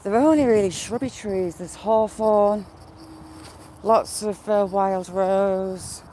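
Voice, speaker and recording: A woman with a warm, medium-pitched voice talks slowly while live-streaming on a gimbal-mounted phone with a headphone wire. Walking past fields and hedgerows, she addresses viewers by name and coos at animals, with slight background noise.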